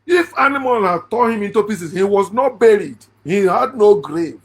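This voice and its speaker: A middle-aged Nigerian-accented man, an online Bible commentator, mocks a scripture passage in a sarcastic monologue, laughing often and rising into shouts. His voice is high-pitched and husky, with lively intonation at a moderate pace.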